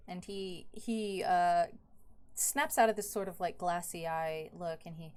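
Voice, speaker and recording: A woman narrating as dungeon master of a tabletop role-playing game, relaxed and joking. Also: fairly low pitch, unhurried, smooth.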